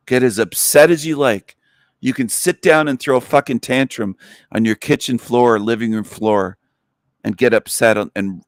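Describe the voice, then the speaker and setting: A man's voice: on the low side, no room sound, studio quality. A man hosting a livestream, delivering a contemptuous, mocking rant to his viewers. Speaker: livestream host. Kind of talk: ranting livestream monologue.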